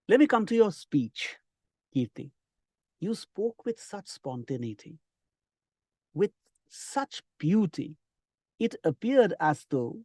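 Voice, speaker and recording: Man, middle-aged, trainer, slightly high voice, dry close sound. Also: dry recording. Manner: lively, encouraging, lots of emphasis and drawn-out words. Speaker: English communication trainer. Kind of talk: online spoken English class.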